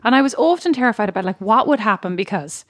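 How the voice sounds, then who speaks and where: An Irish woman co-hosts a casual podcast, mocking herself and laughing a lot. Her voice is fairly high with a very lively pitch, recorded dry and close. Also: fast, no echo. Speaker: podcast co-host. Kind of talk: casual chat.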